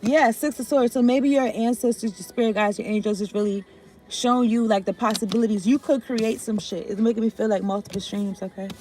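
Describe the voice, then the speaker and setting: A woman's voice: fairly high pitch, steady tone, fairly quick, dark tone, faint music behind. A woman giving a loose, rambling tarot reading, swearing and often trailing off. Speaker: tarot reader.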